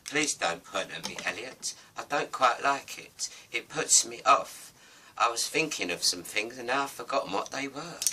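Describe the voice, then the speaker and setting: A man voicing a mild, forgetful male goldfish in a homemade storybook, speaking higher than his own voice. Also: expressive, moderate pace, sharp tone, distant mic, a little hiss or hum. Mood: fussy.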